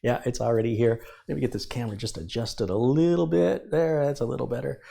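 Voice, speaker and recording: During a live tech review stream, a middle-aged American host talks fairly quickly in a medium-pitched voice that is gravelly yet warm. He greets viewers by name and keeps up a stream of wry asides.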